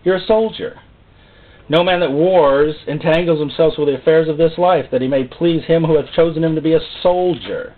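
A man's voice: a little high, fairly quick, hardly any pauses. A man preaching a sermon, emphatic and repeating phrases for stress. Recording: tinny phone-like sound.

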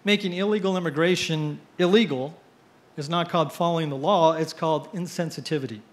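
A middle-aged man giving an after-dinner speech, telling jokes with punchline pauses. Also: fairly high pitch. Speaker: editorial cartoonist giving a speech. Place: cruise ship event.

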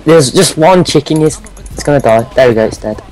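A man's voice: a little high, lively intonation, a little fast, a little mellow, rough recording. A young man playing a game with a friend, teasing him dryly and grumbling about dying. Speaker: co-player. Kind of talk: casual gameplay chat.

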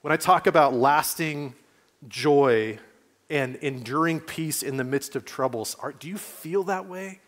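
A man's voice: on the high side, measured pace, a bit bright. A male pastor, giving a conversational sermon in a church and asking his listeners questions. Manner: conversational preaching, asks the congregation questions. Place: church sanctuary.

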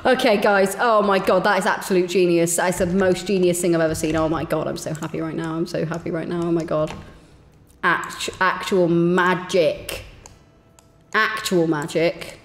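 A woman giving excitable, giggly commentary while playing a game on stream, talking to herself. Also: fairly low pitch, moderate pace, in a large hall. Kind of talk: gameplay commentary.

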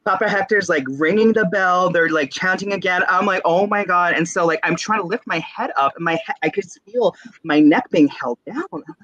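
A man's voice: sits high, a little fast, muffled recording. A young man from San Diego, a tarot reader guest, telling a story in a casual interview and acting out voices. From San Diego, California. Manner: animated storyteller, acts out voices, laughs often.

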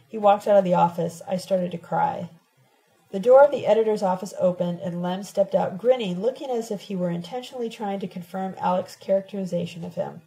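A woman narrating a novel told in letters, reading in a steady, measured first-person voice. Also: mid-range voice, vocal fry, low-quality recording. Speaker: audiobook reader.

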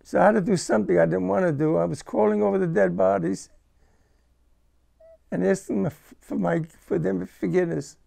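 Old man with a deep gravelly rasp. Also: steady tone, mellow. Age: older. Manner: halting, repeats words, emotional. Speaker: war veteran interviewee. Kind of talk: first-person war recollection.

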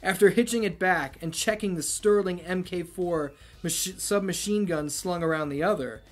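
A man's voice: high-pitched, moderate pace, soft background music. A man reading a novel aloud as host, breaking off for sarcastic asides. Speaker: reader and host.

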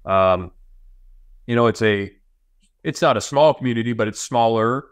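A male head football coach in his forties answering interview questions in a measured way, with frequent pauses. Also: medium pitch, smooth, no echo, clean studio sound. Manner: measured, with many fillers and restarts.

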